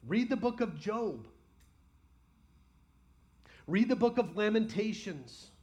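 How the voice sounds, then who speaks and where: A man preaching a sermon as pastor, passionately voicing honest prayers to God and then dropping to quiet, personal reflection. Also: high voice, sing-song, slow pace. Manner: impassioned, voices imagined prayers aloud.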